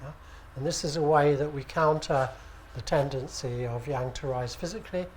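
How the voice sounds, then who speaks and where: A British man teaching at an acupuncture conference, speaking in a relaxed, conversational way and often checking with the audience. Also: mid-range voice, normal speed, a little hiss or hum. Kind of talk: conference lecture. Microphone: handheld microphone.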